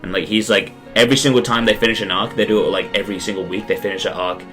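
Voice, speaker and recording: A man's voice: on the low side, steady tone, rapid-fire, fairly bright tone, soft background music. A young man chatting casually as a podcast co-host, slangy and swearing. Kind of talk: casual chat.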